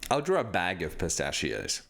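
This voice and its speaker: A man's voice: low voice, wildly swooping pitch, normal speed, creaky, background noise. A man chatting casually on a live stream while signing prints, self-deprecating and swearing often.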